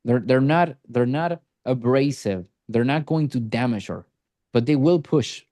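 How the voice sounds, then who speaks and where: A man's voice: mid-range voice, a little slow, dark tone. A man leading a group coaching call as a sales coach, talking bluntly with teasing and swearing.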